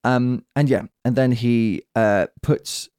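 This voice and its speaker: A man hosting a casual podcast chat, lively and acting out quoted lines in little voices. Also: medium pitch, slow, smooth, no echo, clean studio sound. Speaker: podcast host.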